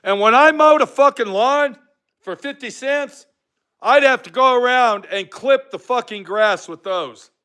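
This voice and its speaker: A man's voice: extremely high pitch, a little slow, bright, forceful tone. Profane older man ranting on a livestream. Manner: profane, combative, addresses viewers' comments. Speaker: livestream host. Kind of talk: angry live-stream rant. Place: his workshop.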